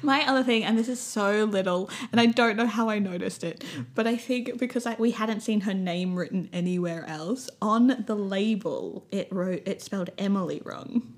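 A woman's voice: mid-range voice, moderate pace, hardly any pauses. A woman co-hosting a casual movie review chat, retelling the plot with frequent laughs. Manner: giggly, animated storytelling. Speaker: podcast co-host.

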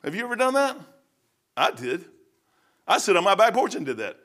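A man's voice: high-pitched, very animated, fairly quick, a bit bright. A middle-aged man preaching a sermon in a folksy, repetitive way that rises to fervent emphasis.

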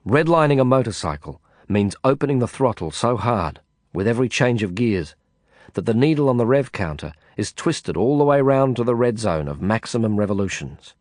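A man reading a first-person audiobook narration in a measured, reflective way. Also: mid-range voice, big pitch swings, a little mellow, dry recording, studio quality.

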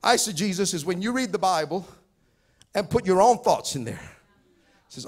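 High-voiced fervent preaching man. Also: lively intonation, moderate pace. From Pacific Islands. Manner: repetitive stammering restarts, rising to shouting fervor. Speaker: pastor. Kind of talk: sermon.

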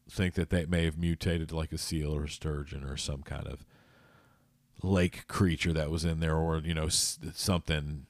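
Deep-voiced rambling podcast man. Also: dry recording. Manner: rambling, jokey, trips over words. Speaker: podcast host. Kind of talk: casual rambling monologue.

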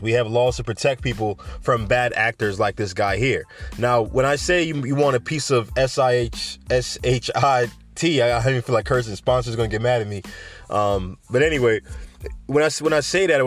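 A young man hosts a podcast in a loose, rambling way, chatting through the news with asides and restarts. His voice sits in a middle pitch. Faint music plays beneath him. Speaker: podcast host. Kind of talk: casual podcast commentary.

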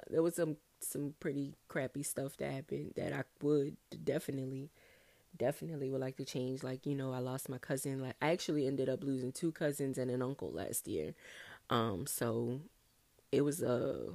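A young woman hosting a casual solo podcast, chatty and animated, talking straight to her listeners. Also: extremely low pitch, normal speed, gravelly, no echo. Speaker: podcast host.

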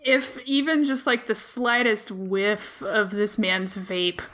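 A woman's voice: mid-range voice, steady tone, slow, fairly bright tone. A young woman co-hosting a podcast, telling a story in casual chat with wry humor. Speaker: podcast co-host.

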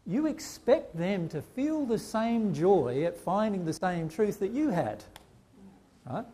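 A man's voice: high voice, sing-song, takes it slowly, warm tone, husky. A man giving a conversational spiritual talk to a group, often putting rhetorical questions to his listeners. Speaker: spiritual teacher.

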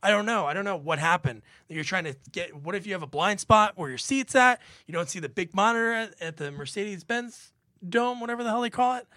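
A man's voice: high voice, expressive, fairly quick, bright, forceful tone, dry recording, clean studio sound. A man arguing his side in a casual podcast debate, joking and building scenarios. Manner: jokey, builds scenarios to argue his case. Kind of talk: casual argumentative banter.

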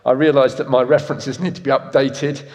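Man, 50s, preacher, sermon, mid-pitched voice, lively swings from loud to quiet, long hall reverb. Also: a little fast. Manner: animated, swinging from loud emphatic to soft and intimate.

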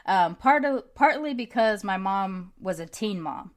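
A woman talking candidly in relaxed conversation at an everyday mid-range pitch. She tells her stories with animation and frank, casual swearing. Her laughter surfaces often between her thoughts. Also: unhurried. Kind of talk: casual chat.

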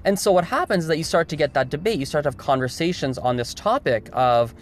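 A man's voice: fairly high pitch, expressive, quick pace, hardly any pauses, slight background noise. A man talking straight to camera in a casual opinion monologue, emphatic, repeating words and restarting sentences often. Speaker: video host.

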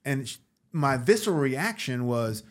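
Animated man telling a story. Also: mid-range voice, moderate pace. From New York. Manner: animated, acts out quoted voices, swears freely. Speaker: guest, actor and comedian. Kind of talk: casual storytelling.

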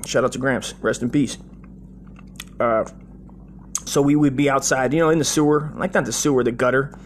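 A man in his forties rambles through a childhood story in a relaxed, chatty way. His talk is crude and loose, full of swearing and "dude" at every turn. A faint hum of noise sits behind his voice. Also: mid-range voice, moderate pace. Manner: profane, loose and chatty, with many fillers like "dude" and "right?". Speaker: host telling a childhood story.

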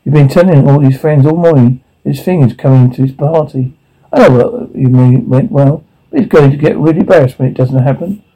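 A man's voice: mid-range voice, fairly quick, warm tone, close to an everyday voice, rough recording. An actor playing a cautious man who doubts his partner's promise, in a film drama. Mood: doubtful. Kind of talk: film acting.

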